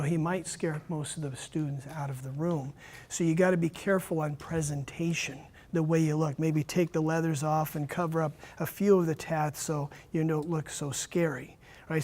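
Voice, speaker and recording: A man running a teacher training workshop, talking straight to his audience in a lively way. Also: high voice. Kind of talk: workshop lecture.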